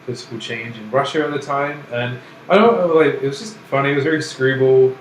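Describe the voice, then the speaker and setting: A man's voice: mid-range voice, steady tone, quick pace. Laughing, rambling man in a roomy space. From Canada. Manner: laughs often, rambling with restarts. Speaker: podcast co-host. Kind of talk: casual chat. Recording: roomy echo, faint background noise.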